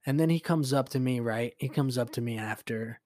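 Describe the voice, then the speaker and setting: A young man hosting a podcast, telling a story casually with lots of swearing, fillers and animated retelling. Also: medium pitch, brisk, dry recording, clean studio sound. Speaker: podcast host.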